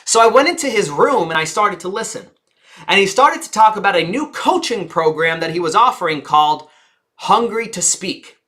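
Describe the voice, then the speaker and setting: A bright, clear-voiced woman teaches speakers in front of a live audience. She is theatrical and engaging, stretching and slowing her words, dropping almost to a hush and pausing for effect. She keeps throwing questions back to the crowd, her voice sitting in a middle pitch. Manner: theatrical, shifts pace and volume on purpose, dramatic pauses. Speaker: speaking coach.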